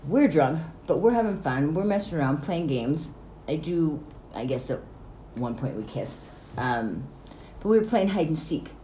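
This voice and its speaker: Brief: woman, lowish mellow voice, casual storyteller who swears and laughs, roomy echo. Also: big pitch swings, normal speed. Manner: swears freely, laughs while telling stories. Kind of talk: casual chat. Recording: echoey room with faint noise.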